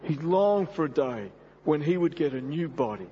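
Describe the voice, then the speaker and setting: A man's voice: a little high, animated, moderate pace, warm tone, slight background noise. A middle-aged man preaching a sermon, speaking earnestly and directly to his congregation. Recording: dull lo-fi sermon recording.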